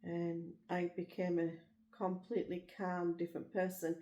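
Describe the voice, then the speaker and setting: A woman's voice: on the low side, completely flat delivery, moderate pace, warm tone. Rambling Liverpool woman in a roomy echo. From Liverpool, England. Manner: rambling, frank storytelling. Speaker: vlogger. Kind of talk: casual chat.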